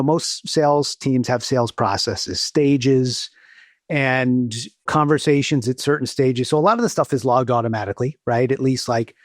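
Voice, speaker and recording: A man's voice: medium pitch, dry recording, clean studio sound. A man on a podcast as a guest who agrees readily and explains things with enthusiasm. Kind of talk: casual podcast chat.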